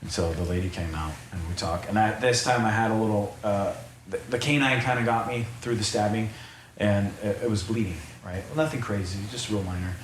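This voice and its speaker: Man, low voice, rambling storyteller, roomy echoey room, faint background hum. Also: fairly quick. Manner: rambling, repeats words and restarts. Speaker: podcast guest. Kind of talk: recounting a personal story. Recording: roomy echo, faint ambience.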